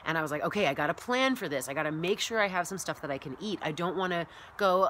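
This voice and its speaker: Woman wellness-coach vlogger, low and bright, chatty and animated, faint noise behind. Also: fast talker. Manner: rambling and chatty, full of "like" and "you know"; animated, acts out her own past thoughts. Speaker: massage therapist and wellness coach. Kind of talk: casual vlog monologue.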